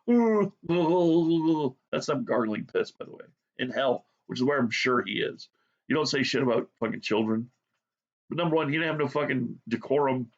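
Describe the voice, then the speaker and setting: Brief: blunt, sarcastic man on a profane rant, mid-pitched voice, muffled lo-fi recording. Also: gravelly. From United States. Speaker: art vlogger. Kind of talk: profane rant while drawing.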